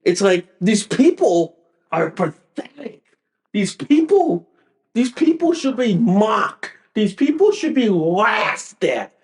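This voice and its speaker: A man's voice: high voice, sing-song, slow, a little mellow. A male podcast host delivering a profane, repetitive political rant in an emphatic tone.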